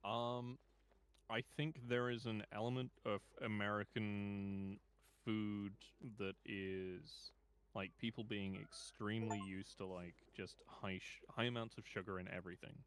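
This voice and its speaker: A man chatting casually and relaxed, swearing freely and stopping with uh and like. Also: fairly low pitch, measured pace, smooth. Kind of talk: casual chat.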